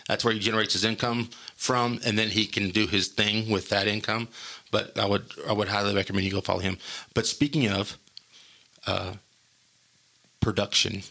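A man's voice: fairly low pitch, flat delivery, normal speed, vocal fry, sharp tone. A man in casual podcast chat, rambling through stories, laughing often and acting out quotes. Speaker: guest telling stories.

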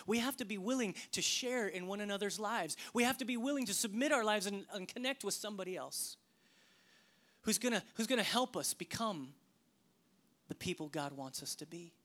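A man preaching a sermon, swinging between loud emphasis and hushed, whispered lines. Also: high voice, moderate pace. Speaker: pastor.

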